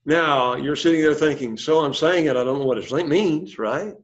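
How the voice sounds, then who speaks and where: A man's voice: fairly high pitch, normal speed. Encouraging man teaching a classroom lesson. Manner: encouraging, explains step by step and quizzes the class. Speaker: Greek teacher. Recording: dull lo-fi sound.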